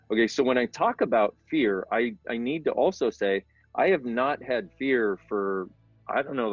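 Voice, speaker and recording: A man's voice: mid-range voice, no room sound. A middle-aged man, an interview guest, explaining things in a casual, earnest and rambling way with self-deprecating asides. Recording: dull sound with faint background music.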